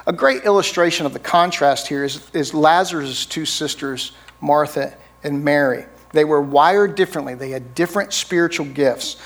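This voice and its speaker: A man's voice: on the high side, normal speed, hardly any pauses. A middle-aged man preaching a sermon as pastor, in a conversational way, often checking in with "right?". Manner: conversational, frequent "right?" tag questions.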